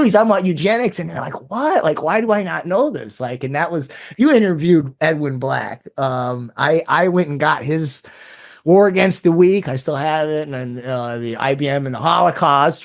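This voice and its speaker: A man talking as an interview guest in loose casual conversation, rambling with many restarts and fillers and breaking into animated asides. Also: medium pitch, vocal fry.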